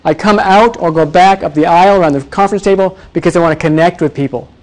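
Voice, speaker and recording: A man teaching presentation skills to a live audience, energetic and demonstrative, often quizzing the room. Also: high-pitched, quick pace. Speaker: presentation coach. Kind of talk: live workshop talk.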